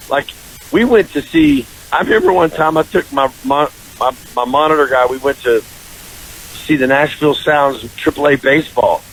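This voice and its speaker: A man talks through a story on a radio show, lively and full of voices for his friends. His pitch sits in the middle. A faint hiss runs under the recording. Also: poor audio. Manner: animated storyteller, jumps into high voices for quoted friends. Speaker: country singer, guest. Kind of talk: casual storytelling interview. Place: radio studio.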